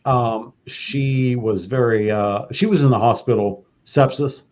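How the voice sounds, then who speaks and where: A man's voice: mid-range voice, unhurried, darkish tone. A man hosting a podcast, telling a story in a laid-back casual chat. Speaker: podcast host.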